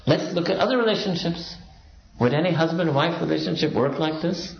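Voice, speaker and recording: Male preacher, fairly high voice, rhetorical and prodding; roomy, muffled lo-fi sound. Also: brisk, creaky. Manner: rhetorical questions with frequent prompting "hmm?". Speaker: Islamic speaker. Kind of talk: sermon-style lecture.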